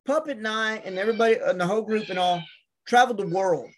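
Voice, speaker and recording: A man's voice: high voice, quick pace. A man in casual chat, telling rambling stories and acting out what people said. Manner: rambling storyteller, acts out quotes. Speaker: podcast guest.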